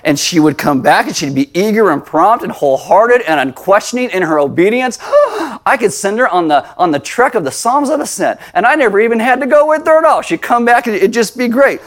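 A man preaching a sermon as pastor, telling stories with animated, acted-out voices. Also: high voice, fairly quick, few pauses.

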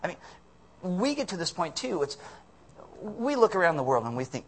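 A man delivers a sermon with a husky edge to his voice. His pitch swings widely as he acts out little voices and jokes, now and then bursting into a sudden shout. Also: moderate pace. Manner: animated, acts out voices of people and God. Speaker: preacher.

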